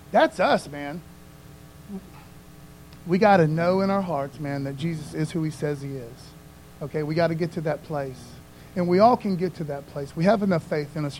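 Male pastor, high voice, laid-back chatty sermon delivery. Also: a little hiss or hum, low-quality recording. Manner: casual, repeats "man" and "you know what I mean". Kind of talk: casual conversational sermon.

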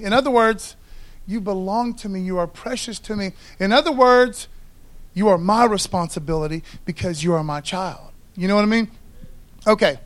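A man's voice: sits high, normal speed. A man preaching a sermon in a loose, conversational way, often checking in with the congregation. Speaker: pastor.

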